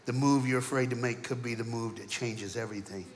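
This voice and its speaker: A man preaching a sermon in a church, telling stories dramatically and acting out the characters, swinging between shouting and hushed asides. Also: mid-range voice, steady tone, brisk, a crowd in the background. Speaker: guest preacher. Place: church auditorium. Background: keyboard music.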